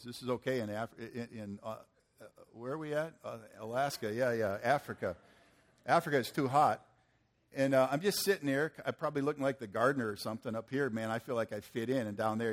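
A middle-aged man preaching, telling a folksy story and acting out the people in it. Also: medium pitch. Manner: folksy, animated storytelling with acted-out quotes. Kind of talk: sermon storytelling.

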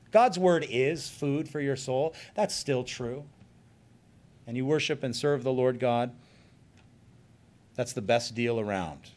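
A male pastor giving an earnest sermon, slowing down to stress key points. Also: medium pitch, darkish tone. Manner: earnest, emphatic preaching with slowed stresses.

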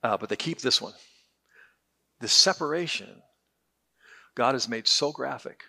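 A man's voice: medium pitch, lively intonation, unhurried, gravelly, pushed and bright. A man teaching a Bible class in a conversational, joking way, often repeating words as he restarts.

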